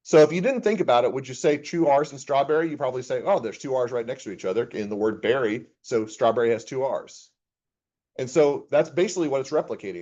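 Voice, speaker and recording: A man's voice: medium pitch, a little mellow, lo-fi sound. A man, an accounting professor, giving a casual classroom lecture and reading chatbot replies aloud with his own comments.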